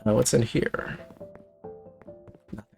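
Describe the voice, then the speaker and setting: A man's voice: slow pace, darkish tone. A man playing a video game and commenting, wry and bemused, often muttering to himself. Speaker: let's play streamer. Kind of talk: gameplay commentary. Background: faint game music.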